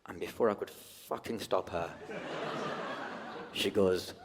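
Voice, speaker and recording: A man from the UK doing a stand-up routine, animated, often breaking into high-pitched shouted rants. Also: slow pace, long reverb tail, slight background noise. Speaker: stand-up comedian.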